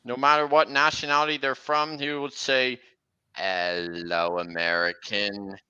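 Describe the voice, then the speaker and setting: A man's voice: on the high side, little pitch movement, normal speed, pushed and bright, smooth, no echo. A man streaming a casual chat, rambling with many restarts and trailing lists, on a dull lo-fi recording.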